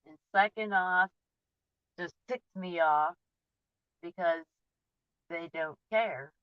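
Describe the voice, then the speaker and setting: Rambling lower-voiced woman vlogging. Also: slow, smooth, no room sound. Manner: rambling, trails off and restarts mid-thought; candid and emotionally open. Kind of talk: casual personal vlog. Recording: dull, dry lo-fi recording.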